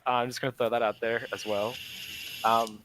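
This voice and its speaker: A man's voice: medium pitch, flat delivery, moderate pace, a bit bright, low-quality recording. A young man from the American South telling a rambling story in a gaming voice chat, with lots of fillers and laughs, on a headset mic. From Southern United States. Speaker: team player.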